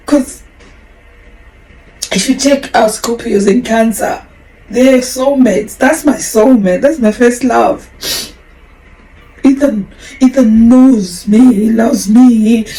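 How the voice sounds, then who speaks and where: Woman in her forties, podcast host, gravelly fry, candid rambling personal story time. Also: fairly high pitch, takes it slowly, long pauses, dark tone, low-quality recording. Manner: candid, emotional, rambling with restarts.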